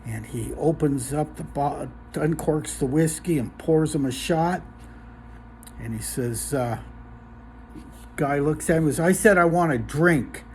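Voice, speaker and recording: A man telling a long joke in a relaxed, casual way, with lots of ums and uhs. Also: on the high side, a little slow, long pauses, slight background noise. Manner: relaxed, filler-heavy storytelling.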